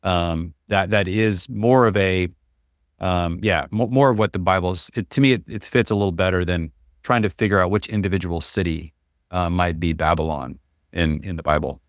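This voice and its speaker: A man from Seattle with a very deep voice talks haltingly, restarting his phrases as he thinks aloud. The sound is close and dry. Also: dry recording. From Seattle, USA. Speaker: podcast host. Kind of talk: casual conversation.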